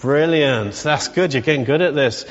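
Gentle preacher in a reverberant hall. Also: male voice, a little high. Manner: gentle, reassuring, slows down for read-aloud prayers. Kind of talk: leading a congregation in blessing and prayer. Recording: long hall reverb, dull sound.

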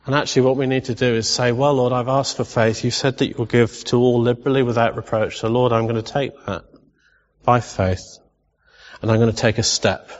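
A man's voice: mid-range voice, steady tone, brisk. Male preacher in an echoing hall. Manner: conversational, asks the congregation questions, playful asides. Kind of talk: sermon. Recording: dull recording in a long-reverb hall.

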